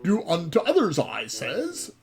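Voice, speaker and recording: A man's voice: sits high, huge pitch swings, a little slow, vocal fry, soft background music, voice pushed up, full character voice. Man putting on a chatty old Cockney hermit. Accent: Cockney, loosely done. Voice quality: drops his H's, folksy broken grammar. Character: eccentric old male cave hermit.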